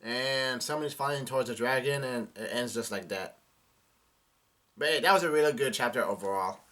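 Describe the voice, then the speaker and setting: Young man reading manga aloud, halting. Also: mid-range voice, pushed and bright. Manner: casual, halting, reads dialogue aloud with many restarts and fillers. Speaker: manga reaction vlogger. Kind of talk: live chapter reading and reaction.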